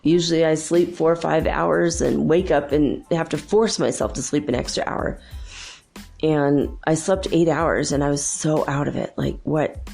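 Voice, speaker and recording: A woman's voice: low-pitched, fairly even intonation, normal speed, vocal fry, darkish tone, soft background music. A middle-aged woman hosting her show, telling a story in a chatty, exasperated way with lots of fillers. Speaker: host. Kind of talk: casual monologue to listeners.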